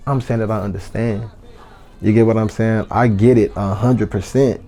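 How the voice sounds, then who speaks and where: A man's voice: fairly low pitch, fairly even intonation, moderate pace, mellow. A man from San Antonio, a rapper, talking bluntly and profanely as an interview guest. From San Antonio, Texas. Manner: blunt and profane, heated storytelling. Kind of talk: casual interview chat.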